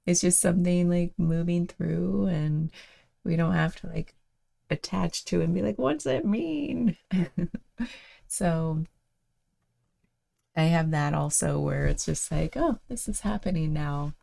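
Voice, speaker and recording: A woman hosting a daily reflection show, thinking aloud in a casual, meandering way with many fillers and soft laughs. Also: low-pitched, steady tone, a little slow, gravelly.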